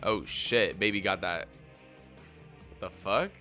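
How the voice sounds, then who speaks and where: A man's voice: deep voice, slow pace, faint music behind. A young man livestreaming his reactions to an anime, cursing freely and laughing often. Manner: animated, profane, laughs often. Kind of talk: live reaction commentary.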